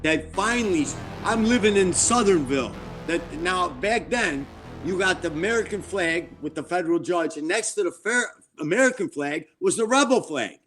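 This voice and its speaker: Man in his seventies, guest in a casual interview, blunt and profane, fairly high voice, soft music in the background. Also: expressive, moderate pace. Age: 70s. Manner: blunt, profane, quotes people in their voices. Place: a home.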